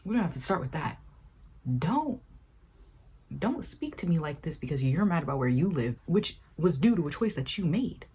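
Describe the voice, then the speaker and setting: A young woman giving casual commentary on a sitcom, animated and exasperated, acting out quotes with big jumps in pitch. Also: normal speed, a little hiss or hum. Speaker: video essay creator.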